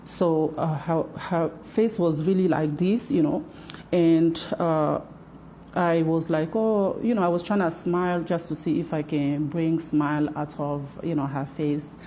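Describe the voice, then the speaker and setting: A woman's voice: low-pitched, fairly even intonation, unhurried, warm tone, a little hiss or hum. A woman who owns a hair braiding shop, talking through her side of a dispute in a video monologue with repetitive, emphatic, sometimes heated phrasing.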